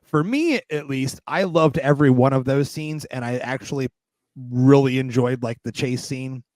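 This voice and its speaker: A man's voice: medium pitch, normal speed, darkish tone, no echo. A man hosting a casual film review podcast, talking with enthusiastic, emphatic bursts. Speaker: podcast host.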